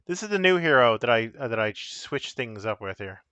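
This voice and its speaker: A man's voice: mid-range voice, sing-song, a little fast, bright, forceful tone, clear, resonant tone, no echo. Rambling man streaming a card game. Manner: rambling, self-correcting, chatty with viewers. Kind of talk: casual live-stream chat.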